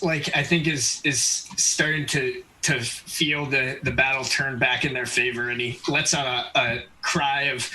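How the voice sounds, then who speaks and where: Bright-voiced man thinking aloud at a tabletop game. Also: mid-range voice, poor audio. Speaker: player.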